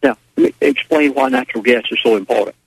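A man's voice: mid-range voice, fast talker, creaky, breathy edge, no echo, rough recording. An older man, a radio guest, telling a story in a rambling way, with restarts and quoted lines. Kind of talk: casual phone-in storytelling.

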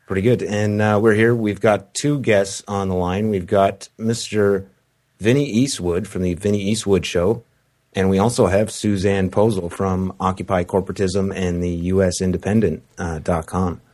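A man hosts an internet talk radio show. He chats casually with guests in a loose, stop-start manner, and his voice sits on the low side. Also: steady tone, darkish tone. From Canada. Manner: loose, halting, conversational.

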